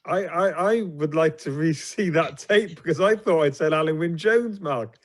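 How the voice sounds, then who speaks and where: A man's voice: fairly high pitch, moderate pace. Hesitant man guest on a panel. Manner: hesitant, self-deprecating, repeats words. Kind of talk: casual panel chat.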